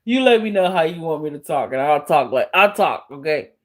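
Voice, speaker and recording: A woman's voice: low-pitched, animated, fairly quick. A woman live streamer chatting casually with her viewers, blunt and profane, often breaking into laughter as she answers trolls.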